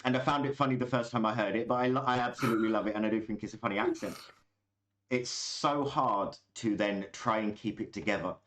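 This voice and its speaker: Low-pitched british guy, dungeon master chatting about his game, talks in quick bursts. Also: a bit bright. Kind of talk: casual chat.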